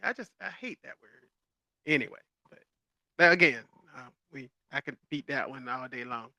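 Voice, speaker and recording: A man co-hosting a podcast in casual chat, animated and laughing often. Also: medium pitch, moderate pace, vocal fry, dry recording, clean studio sound. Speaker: podcast co-host.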